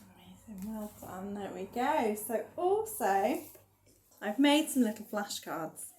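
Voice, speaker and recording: A woman leading a baby rhyme and story session as a children's librarian, gently encouraging parents to join in. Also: mid-range voice, sing-song, slow pace, a little hiss or hum.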